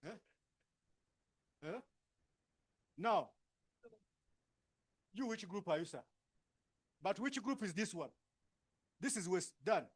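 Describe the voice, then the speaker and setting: A man with a high-pitched voice and a Ugandan English accent leads a workshop session in a conference room. He gives brisk instructions and keeps checking with tag questions. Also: animated, breathy edge. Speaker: workshop facilitator. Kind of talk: directing participants into groups.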